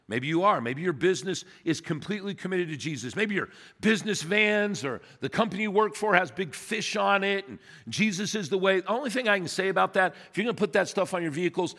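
A man's voice: fairly high pitch, a bit bright. A man preaching a sermon as pastor, emphatic and questioning his congregation. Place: church sanctuary. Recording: long reverb of a church hall.

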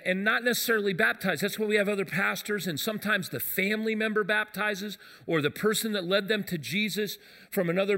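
A man preaching a sermon as pastor, telling a lively story and acting out the voices of the people in it. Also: high voice. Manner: animated storyteller acting out quotes. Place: church sanctuary. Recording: long hall reverb.

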